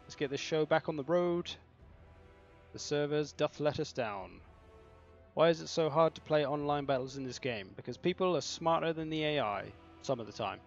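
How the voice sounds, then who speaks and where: Gravelly streamer, joking. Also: male voice, a little high, a little fast, few pauses. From southern England. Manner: joking, chatty, self-mocking. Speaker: streamer hosting a game tournament. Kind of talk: casual livestream chat. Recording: slightly dull lo-fi mic, faint music.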